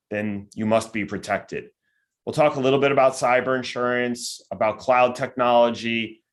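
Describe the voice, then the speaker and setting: A man giving a virtual conference lecture in a conversational way, often tagging his points with quick questions to the audience. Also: medium pitch. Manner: conversational, with frequent tag questions; acts out listeners' objections in quoted voices. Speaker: cybersecurity company executive giving a lecture.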